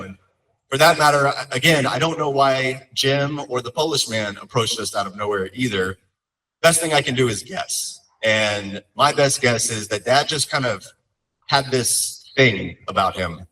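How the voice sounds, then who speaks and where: A man's voice: medium pitch, moderate pace, pushed and bright, distant mic, poor audio. A young man speaking as a son at his father's memorial, telling heartfelt stories with light humor. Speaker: son giving a eulogy. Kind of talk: memorial eulogy storytelling.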